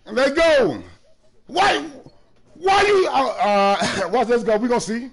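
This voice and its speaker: A man streaming a basketball video game, taunting other players loudly, often breaking into shouts. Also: extremely high pitch, animated, slow pace, a crowd in the background. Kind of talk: trash talk during live gameplay.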